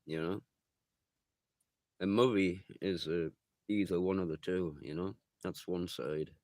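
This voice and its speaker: A man's voice: sits low, steady tone, a little slow, a little mellow, no room sound. A man chatting loosely with his viewers on a livestream, swearing often and rambling from thought to thought. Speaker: livestreamer reading viewer chat. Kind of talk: rambling casual live chat.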